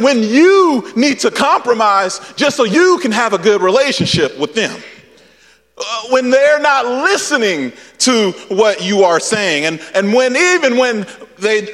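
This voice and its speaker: A young male pastor preaching a sermon in a high, swooping voice that rises into shouts and repeats itself for emphasis. His voice rings out with a long reverb, as if he is in a large church hall. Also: measured pace. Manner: animated preaching with shouted peaks and repetition.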